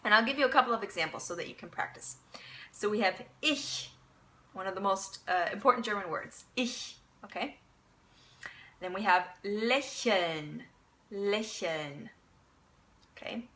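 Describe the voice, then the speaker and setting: A woman teaching a casual language lesson, explaining step by step, repeating example words slowly and often checking in with "okay?". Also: mid-range voice, bright, forceful tone, low-quality recording.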